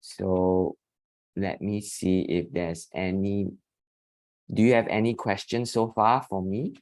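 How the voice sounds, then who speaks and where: A man leads an online English class over a video call, speaking slowly and patiently. His voice sits fairly low, and he stretches out vowel sounds to demonstrate them. The recording is dry, with no room echo. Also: steady tone, darkish tone. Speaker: English teacher. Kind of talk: online spoken English lesson.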